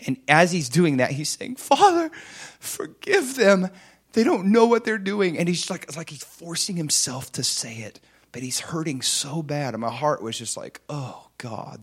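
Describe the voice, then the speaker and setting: A middle-aged man preaching a sermon, impassioned, swinging between loud emphatic lines and soft hushed ones. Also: mid-range voice, breathy edge.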